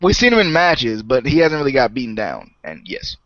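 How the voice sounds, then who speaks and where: A man's voice: medium pitch, huge pitch swings, brisk, fairly bright tone, no echo. Chatty young man, dry muffled call audio. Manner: chatty, laughs often, trails off. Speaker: co-host. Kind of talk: casual review chat. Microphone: online call mic.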